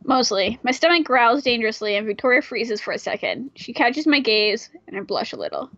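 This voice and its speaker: A woman reads a fan-made game aloud with casual, irreverent asides, her voice slightly higher than most. The recording sounds dull and dry. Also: big pitch swings, fairly quick, a bit bright, no room sound. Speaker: player reading a game aloud. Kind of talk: casual read-through of a visual novel.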